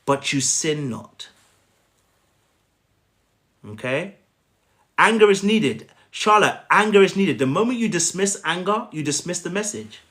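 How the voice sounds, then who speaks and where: Speaking a little slowly with long pauses, a life coach uses a high, fairly bright voice full of big pitch swings on a phone live stream. He's emphatic with his viewers, addressing them by name and often asking "okay?"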